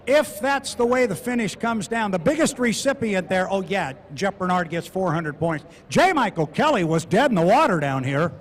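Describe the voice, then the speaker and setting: A man with a high voice co-announcing a boat race outdoors by a lake. He talks in a folksy, joking, conversational way while he walks through what the finish means for the points. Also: lively intonation, normal speed, hardly any pauses. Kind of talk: live race commentary. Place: outdoors at a lakeside race course.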